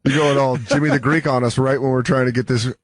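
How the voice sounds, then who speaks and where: A man's voice: mid-range voice, fast talker. A man co-hosting a comedy talk show, joking casually and acting out quoted people. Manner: animated, joking, acts out quoted voices. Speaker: comedy podcast co-host.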